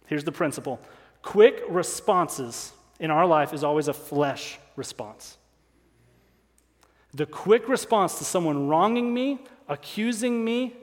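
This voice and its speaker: A man's voice: on the high side, long reverb tail. A male pastor preaching a sermon, driving points home by repeating key lines and asking rhetorical questions.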